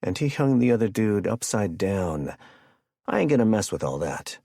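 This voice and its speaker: A man's voice: on the low side, sing-song, moderate pace, gravelly, warm tone, no echo, studio quality, heavily acted. A man playing a jovial, sadistic male hitman who chats and jokes while he menaces his captive. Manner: chatty, joking, casually menacing.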